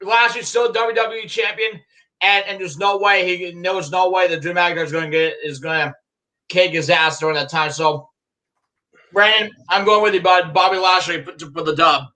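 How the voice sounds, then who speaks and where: A young man co-hosting a casual chat, excitable and quick to shout and swear. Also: sits high, low-quality recording. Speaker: co-host.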